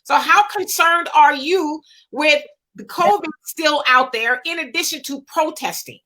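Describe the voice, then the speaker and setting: A woman's voice: sits high, measured pace, pushed and bright. A woman hosting a casual interview, chatty and full of fillers as she asks questions. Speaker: host.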